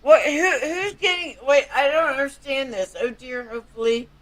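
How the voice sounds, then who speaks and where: A woman's voice: high voice, moderate pace. A woman hosting a casual livestream, tipsy, playful and giggly. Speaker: host.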